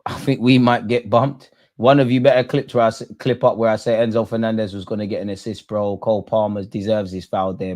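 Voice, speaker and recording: Young man, excitable, slangy, live football reaction. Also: mid-range voice. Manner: excitable, shouts at players and the referee, slangy. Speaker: football watch-along host. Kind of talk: live match reaction commentary.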